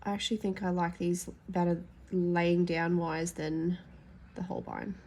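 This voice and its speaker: A woman's voice: fairly low pitch, little pitch movement, unhurried, darkish tone. Nasal woman, chatty swatch talk. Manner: chatty, frank, thinking aloud. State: stuffy and nasal from hay fever. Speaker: adult colouring YouTuber. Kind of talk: casual swatch-testing vlog.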